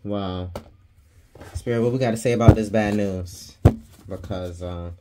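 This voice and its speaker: A man's voice: lowish voice, fairly even intonation, measured pace, heavy background noise. A man giving a casual tarot reading, chatty and slangy, laughing often and swearing freely. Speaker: tarot reader.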